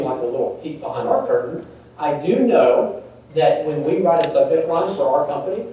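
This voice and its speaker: Speaking in a dark-toned voice that sits on the high side, a workshop presenter talks casually about email marketing, questioning the audience and making fun of stiff wording. The setting is a large meeting room, and the sound is echoey with a distant mic and faint noise.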